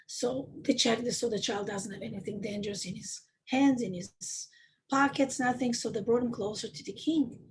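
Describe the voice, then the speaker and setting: A woman, a rebbetzin, telling a story to a women's class in an emphatic, animated way. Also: a little high, moderate pace, poor audio. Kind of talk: storytelling talk.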